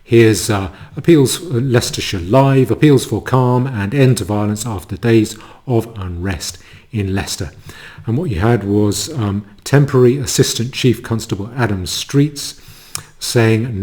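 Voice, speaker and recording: Man, commentator, dark mellow low voice, sardonic asides, halting restarts. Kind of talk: monologue commentary.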